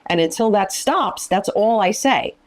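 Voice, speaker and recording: A middle-aged woman, speaking as a ministry founder, gives a teaching talk in an interview, emphatic and repeating phrases for stress while acting out quoted lines. Her mid-range voice is animated and a little slow.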